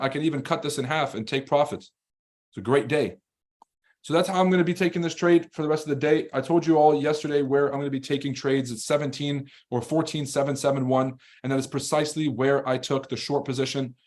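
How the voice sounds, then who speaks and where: A man with a mid-range voice hosting a live trading stream, cursing freely and talking back bluntly to his chat. He drifts from explaining trades to animated, combative rants that come in quick bursts. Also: mid-range voice. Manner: fast, rambling and animated when ranting. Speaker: livestream trading host. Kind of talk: casual live-stream commentary reading chat.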